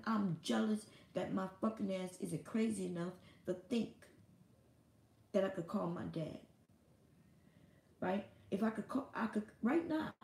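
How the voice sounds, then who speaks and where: A woman hosts her own live stream in a loose, casual monologue, blunt and quick to swear. Her voice is low-toned and mellow with a gravelly fry running through it. The room around her adds a noticeable echo. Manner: blunt and profane.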